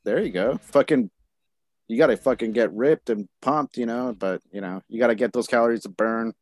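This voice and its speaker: A man's voice: medium pitch, fairly quick, no echo. A man co-hosting a podcast, throwing in crude jokes and short replies in casual chat. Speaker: podcast co-host.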